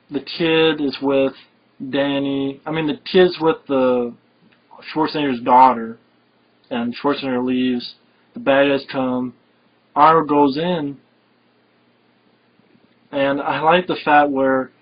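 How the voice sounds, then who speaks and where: A man's voice: mid-range voice, steady tone, takes it slowly, long pauses. A man talking casually and enthusiastically about an action movie he loves, rambling with many fillers. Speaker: film reviewer. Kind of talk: casual film review chat. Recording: dull lo-fi recording.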